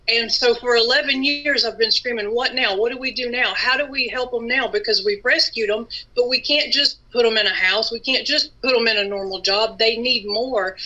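An earnest woman guest sharing her ministry work in a relaxed conversational way. Her voice is bright, and the recording sounds dull and lo-fi. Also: fairly high pitch. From Atlanta, USA. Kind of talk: interview testimony.

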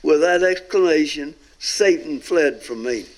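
A man gives his testimony with earnest emphasis. He draws out key words and his voice sits fairly high for a man. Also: lively intonation. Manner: earnest storyteller, drawn-out emphatic phrases. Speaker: guest telling a near-death experience. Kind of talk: recorded testimony talk.

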